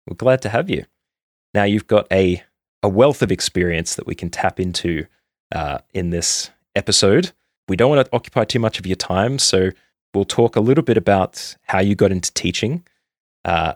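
A man hosting a podcast interview, enthusiastic and a little halting. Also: deep voice, no room sound, studio quality. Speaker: podcast host.

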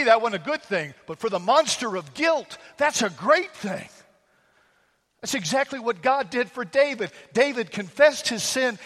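A man's voice: fairly high pitch, a bit bright, long reverb tail. A male pastor preaching a sermon, telling homely stories and asking the congregation rhetorical questions.

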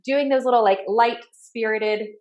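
A woman in her thirties co-hosting a casual podcast, telling animated stories and acting out her kids' voices. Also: on the high side, unhurried. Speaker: podcast co-host. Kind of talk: casual chat.

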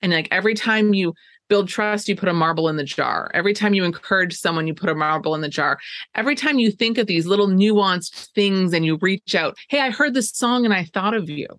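A woman's voice: mid-range voice, fairly quick, fairly bright tone, no room sound. A woman co-hosting a podcast and coaching clients, chatting casually, laughing often and quoting what she tells people. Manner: upbeat, laughs often, quotes herself. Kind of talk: casual chat.

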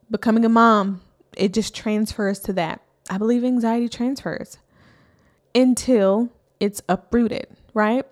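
A woman's voice: mid-range voice, a little mellow. A woman therapist hosting a podcast, talking earnestly in a conversational way and often checking in with "right?".

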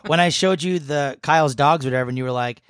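A man's voice: fairly high pitch, fast, a bit bright, clean tone, no room sound, studio quality. A man from New England co-hosting a podcast in casual chat, joking, teasing and swearing freely. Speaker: podcast co-host.

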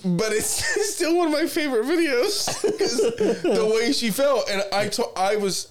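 A man's voice: very high voice, animated, moderate pace, crowd noise. A man co-hosting a podcast in casual chat, swearing freely and laughing through his stories. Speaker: podcast co-host.

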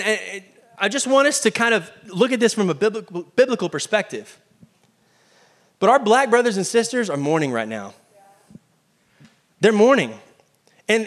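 A man preaching a sermon in a lively, conversational way, often asking the congregation questions. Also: sits high. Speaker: pastor.

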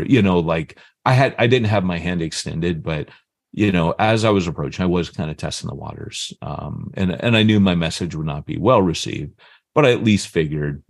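In a very deep, creaky voice, a fifties-aged man co-hosting a podcast casually spins a story. He's animated and voices the people in the tale himself. Studio quality, with no echo.

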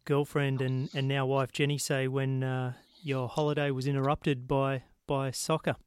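A man's voice: mid-range voice, level tone, clear, resonant tone, no room sound. A man interviewing a guest casually, repeating words and restarting as he frames his questions. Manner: halting, repeats words while framing questions.

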